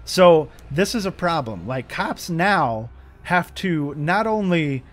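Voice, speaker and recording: A man's voice: a little high, expressive, slow. Rambling, frustrated American man. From United States. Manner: rambling, frustrated, profane, with many restarts. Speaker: gaming channel host. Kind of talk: off-the-cuff commentary over gameplay.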